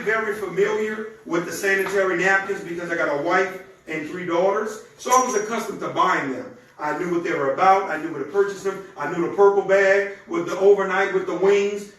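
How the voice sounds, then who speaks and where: A man with a high, bright voice runs an energetic live sales pitch and speaks straight to his listeners. He is picked up from a distance in a very echoey room, with faint noise behind him. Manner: energetic and conversational, talks straight to the audience. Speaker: presenter of a product demonstration.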